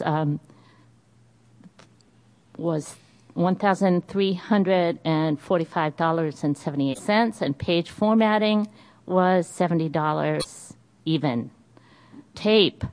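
A woman's voice: fairly low pitch, darkish tone. A woman with a Boston accent carefully reading budget figures aloud at a meeting, with small hesitations.

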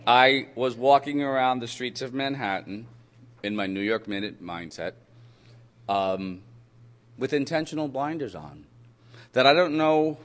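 A man telling a personal story to an audience in an animated, humorous way, swinging between loud bursts and quiet asides. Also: lowish voice.

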